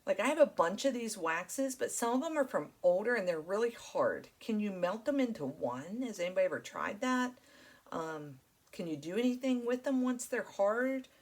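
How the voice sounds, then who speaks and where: A woman's voice: mid-range voice, very animated, moderate pace. A woman hosting her crafting channel, chatting casually while she works, rambling and friendly with many fillers.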